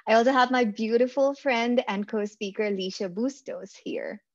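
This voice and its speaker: A woman's voice: fairly high pitch, normal speed, dry recording. A woman hosting an online session, opening with a welcoming, lightly joking introduction. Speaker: session host. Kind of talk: webinar introduction. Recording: dry, dull lo-fi call audio.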